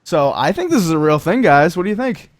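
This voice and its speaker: Guy hosting a gaming podcast, kinda high voice, rambles a lot, dry close sound. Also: sing-song, a little fast, no echo. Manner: rambling, lots of fillers, reads chat comments aloud. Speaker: podcast host. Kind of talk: casual gaming podcast chat.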